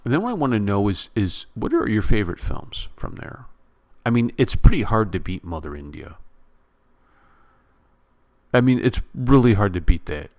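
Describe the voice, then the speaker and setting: A man vlogging at home, ranting to his viewers in a casual, animated way and repeating himself for emphasis. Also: on the low side, normal speed. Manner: animated, repetitive, addresses viewers directly. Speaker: YouTube vlogger. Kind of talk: casual on-camera rant. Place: home room near a bedroom.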